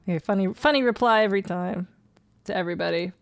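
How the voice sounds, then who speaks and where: A woman streaming a game with casual, joking commentary, sarcastic and quick to swear. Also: mid-range voice, creaky, dry recording.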